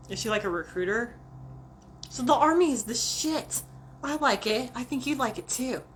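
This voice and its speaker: A woman vlogger rants casually and profanely about jobs in a mid-range voice. She tells stories in an animated, self-mocking way. There is faint background hiss. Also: medium pitch. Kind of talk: casual rant to camera.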